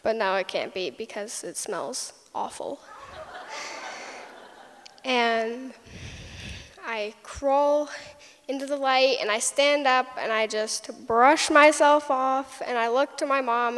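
A woman's voice: high-pitched, slow, a bit bright. A young woman telling a personal story, retelling it vividly with little sound effects. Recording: long hall reverb.

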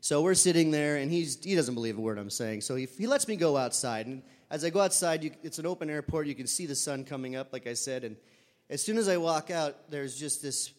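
A man's voice: on the high side, in a large hall. A man telling a personal story live, casual and conversational with fillers, sometimes acting out voices.

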